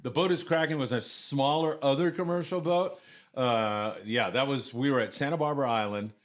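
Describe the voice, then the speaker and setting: Animated male storyteller, mid-pitched. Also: moderate pace. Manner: animated, acts out quoted voices, chuckles often. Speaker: guest. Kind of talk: casual storytelling.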